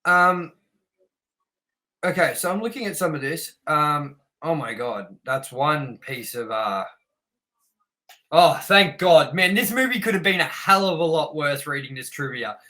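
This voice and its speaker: A young man trades opinions on a film with a co-host, reading trivia aloud in a blunt, animated way. His voice sits a little high and sounds bright. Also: unhurried, low-quality recording. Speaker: podcast co-host. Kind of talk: casual film review chat.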